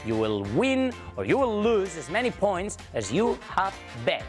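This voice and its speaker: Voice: medium pitch, very animated, unhurried, faint music behind. A quiz host running a game segment on a talk show, upbeat and teasing with the contestants.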